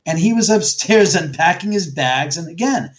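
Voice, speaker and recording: A man speaks as a guest on a video call, his voice sitting a little high for a man. He tells stories casually and animatedly, and his pitch leaps whenever he acts out what someone said. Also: expressive, moderate pace. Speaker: guest, author. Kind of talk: casual storytelling interview.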